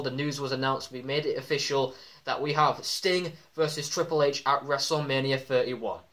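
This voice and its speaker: Excitable male vlogger, slightly higher pitch, chatty commentary with filler ums. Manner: excitable, many ums, acts out quoted shouts. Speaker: wrestling vlogger. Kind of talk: casual commentary vlog.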